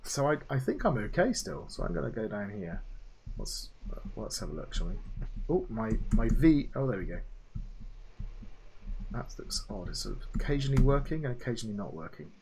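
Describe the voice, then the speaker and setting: A man's voice: medium pitch, big pitch swings, brisk, a little mellow, slight background noise. A man playing through a student game, chatting about it and reading its lines aloud. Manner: chatty, muses aloud, reads game text aloud. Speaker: lecturer playing student games. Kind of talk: let's play with feedback commentary.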